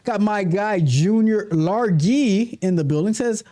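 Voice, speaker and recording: A man's voice: high-pitched, unhurried. A man hosting a casual coding livestream, reading out viewer comments and talking animatedly, often repeating and restarting his phrases. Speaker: livestream host, coding coach.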